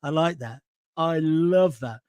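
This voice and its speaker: A man's voice: on the high side, slow, darkish tone, clear, resonant tone, no echo, clean studio sound. A middle-aged man hosting his own show, reading viewer comments and giving blunt, combative opinions and mocking his critics.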